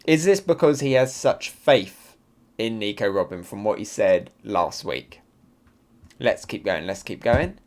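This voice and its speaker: A man hosting a live comic reaction and review, excitable and thinking aloud with fillers. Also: on the low side, a little slow. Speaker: manga reaction channel host.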